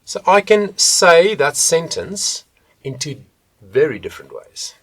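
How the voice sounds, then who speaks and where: A man working as a vocal coach, teaching vocal technique to the camera and shifting between soft and loud demonstrations. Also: on the high side, sing-song, slow pace.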